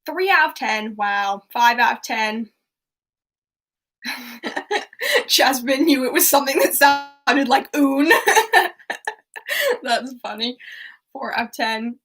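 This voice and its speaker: A woman's voice: sits high, sing-song, slow pace, long pauses, fairly bright tone, breathy edge. A woman hosting a livestreamed pub quiz in casual chat, giggling and reading out viewers' answers. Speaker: quiz host.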